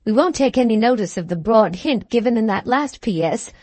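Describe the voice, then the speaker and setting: A woman voicing a kindly, motherly schoolmistress with a dry, gentle wit, in a storybook reading. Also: on the high side, lively intonation, a little fast, dry recording. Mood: wry.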